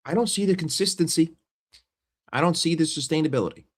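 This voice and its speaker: A man's voice: fairly high pitch, brisk. Blunt, sarcastic man ranting about football. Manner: blunt, sarcastic, swearing, repetitive. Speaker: football fan vlogger. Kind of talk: casual fan rant to camera.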